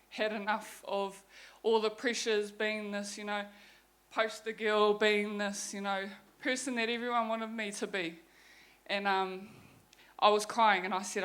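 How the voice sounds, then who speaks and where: Here a guest speaker, a young woman with a New Zealand accent, recounts her story in a frank testimony talk full of swearing. Her voice sits in the mid range with a touch of brightness.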